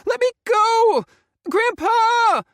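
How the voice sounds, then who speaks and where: A man voicing a terrified young woman who shouts in hysterics. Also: very high voice, lively intonation, very slow, no room sound, studio quality, pitched above the performer's own voice, heavily acted. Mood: frantic. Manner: shrieking, hysterical.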